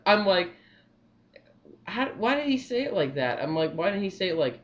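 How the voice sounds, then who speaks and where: A young man giving his movie opinions in a casual vlog, rambling and excitable, repeating himself often. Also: high-pitched, moderate pace, long pauses, highs cut off. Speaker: vlogger.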